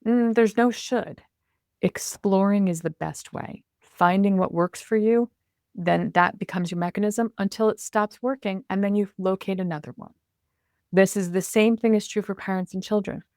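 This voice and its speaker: A woman guest on a podcast, a communication coach talking in an animated, expressive way and acting out her inner self-talk. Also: medium pitch, moderate pace, no room sound, clean studio sound. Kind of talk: conversational interview.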